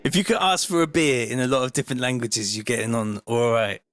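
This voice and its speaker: A man's voice: medium pitch, fast talker. A man, a music producer chatting casually to a livestream while working, laid-back and swearing freely. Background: electronic dance music.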